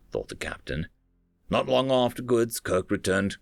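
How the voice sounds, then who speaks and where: A man narrating a written sci-fi story, dropping low and quiet on the dialogue tags. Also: moderate pace, gravelly, no echo, clean studio sound, soft background music.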